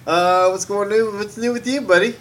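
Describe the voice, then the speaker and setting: A man's voice: sits high, moderate pace. A man hosting a casual podcast, chatting playfully with his co-hosts and singing his intro. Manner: animated, playful, sings the intro. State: drinking tequila. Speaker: podcast host.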